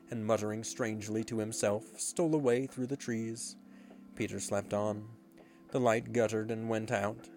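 A man narrating a storybook in a measured, expressive reading. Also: on the low side. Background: faint guitar music.

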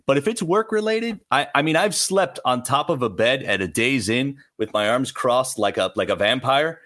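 Male podcast guest, casual storyteller, lively and self-deprecating. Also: medium pitch, normal speed. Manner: animated, self-mocking, restarts phrases. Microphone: remote call.

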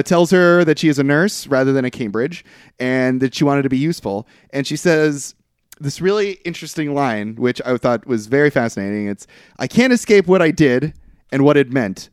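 This animated young co-host walks through a film plot on a casual podcast at a moderate pace, his tone clean. He rambles and acts out quotes with leaps in his voice, recorded in a studio with no echo.

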